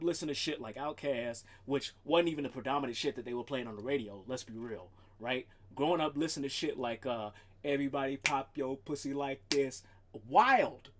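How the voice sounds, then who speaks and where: A man streaming live, ranting casually and swearing a lot, sometimes talking to his cat. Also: a little high. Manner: animated, profane, talks to his cat. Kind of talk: casual livestream rant.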